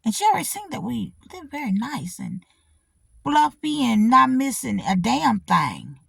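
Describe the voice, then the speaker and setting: Unhurried and slightly high, this middle-aged host's voice carries vocal fry and a breathy edge. She tells a personal story on her channel in casual, blunt, profane talk, animated, repetitive and often addressing her audience. The audio is clean studio sound without echo.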